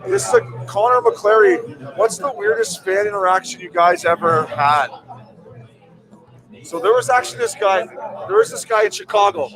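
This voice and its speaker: A man's voice: sits high, animated, moderate pace. A man chatting on a podcast in a busy hotel bar, joking and swearing casually. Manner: joking and profane. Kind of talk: casual chat. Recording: noisy crowded bar. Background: crowd chatter.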